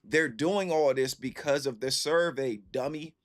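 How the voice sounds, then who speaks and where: A mid-range voice at a measured pace comes from a man in his thirties talking casually to his stream viewers. He tells a lively story loaded with slang, repeating himself to stress his points.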